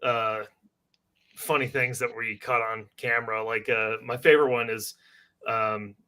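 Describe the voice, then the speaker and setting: A man's voice: medium pitch, fairly even intonation, a little slow, bright, forceful tone. A man chatting casually about working on a film shoot, laughing often and filling his talk with lots of "like". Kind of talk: casual chat.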